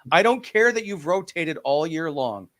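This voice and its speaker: A man's voice: a little high, animated, moderate pace, a bit bright, no room sound, clean studio sound. A man hosting a sports podcast, steering the talk directly to the next topic. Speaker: podcast host.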